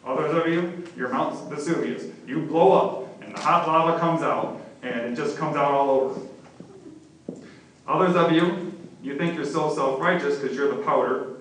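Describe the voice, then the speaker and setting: A man's voice: fairly high pitch, measured pace, fairly bright tone, a little hiss or hum. A middle-aged man as pastor, preaching a sermon in a conversational, humorous way. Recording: very echoey, from far off.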